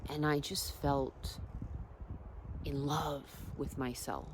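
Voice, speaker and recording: A woman telling personal stories in a casual, reflective vlog. She drifts between soft asides and emphatic points. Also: extremely low pitch, fairly even intonation, slow pace, noisy background. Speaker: wellness vlogger.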